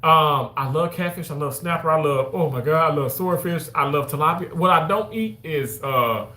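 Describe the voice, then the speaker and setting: Bright, animated man chatting on stream. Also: on the high side, normal speed, echoey room. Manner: animated, chatty, exclaims often. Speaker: livestreamer chatting with viewers. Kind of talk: casual livestream chat.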